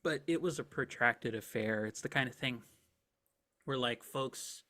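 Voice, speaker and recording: A man's voice: mid-range voice, a little slow, bright, forceful tone. A man narrating a tabletop game as game master, describing scenes casually and vividly with many filler words.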